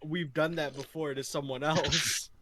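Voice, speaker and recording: A man's voice: a little high, fairly even intonation, unhurried, bright, forceful tone, slight background noise. A man on a casual podcast making crude, joking asides. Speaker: podcast co-host. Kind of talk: casual chat.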